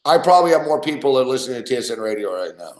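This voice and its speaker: A man's voice: medium pitch, big pitch swings, very fast. A man hosting a podcast, telling a rambling, profane story in casual chat and laughing often. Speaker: podcast host. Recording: roomy echo.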